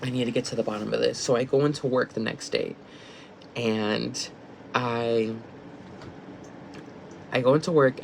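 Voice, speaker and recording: A young male vlogger rambles through a casual storytime to the camera, full of fillers, stumbles and restarted sentences. His mid-pitched voice has a gravelly, creaky edge. The recording is low quality, with a faint hiss underneath.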